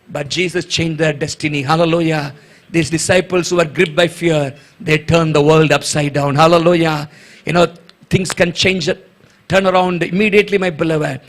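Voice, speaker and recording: A man's voice: sits high, fairly even intonation, normal speed, a bit bright. A male pastor, preaching a sermon emphatically, repeating lines and calling out hallelujah.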